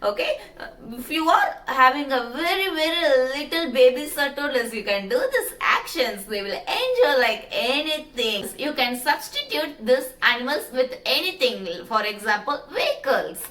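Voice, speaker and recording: A woman's voice: high-pitched, big pitch swings, moderate pace, a bit bright. A woman hosting a children's song video, giving parents simple, encouraging instructions. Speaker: host of a children's song channel. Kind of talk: intro talk to parents before a kids' song.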